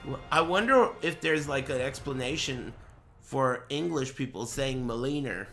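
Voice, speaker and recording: A man's voice: medium pitch, lively intonation, moderate pace, fairly bright tone, soft background music. A man streaming a casual reaction chat, brash and profane, trash-talking his viewers.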